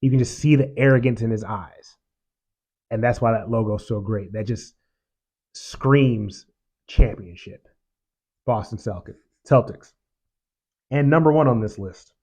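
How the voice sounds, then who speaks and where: A man's voice: medium pitch, measured pace, long pauses, darkish tone. A man hosting a show, giving casual, opinionated commentary in an emphatic way and repeating phrases for effect. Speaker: show host.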